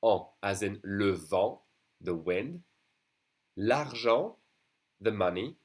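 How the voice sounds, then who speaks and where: French guy teaching beginners, thick french accent, slightly low voice, says words over and over, patient. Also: animated, breathy edge. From France. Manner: patient, repeats words slowly for practice. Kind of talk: beginner language lesson.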